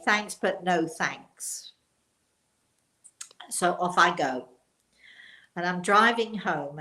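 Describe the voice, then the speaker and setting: A woman's voice: on the low side, fairly bright tone. An older woman, a spiritual teacher, telling a rambling personal anecdote with quoted dialogue. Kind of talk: storytelling talk. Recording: roomy echo.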